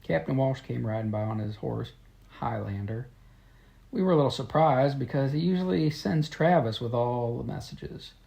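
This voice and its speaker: Gravelly man reading a storybook. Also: mid-range voice, moderate pace, warm tone. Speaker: storybook reader. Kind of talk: reading a children's story in diary letters.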